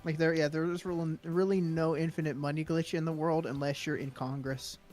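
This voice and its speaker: A young man with a slightly high voice, talking in a loose, rambling way while co-hosting a casual stream. Soft music plays faintly behind him. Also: little pitch movement, brisk. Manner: easygoing, rambling, with fillers. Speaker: co-host of a stream.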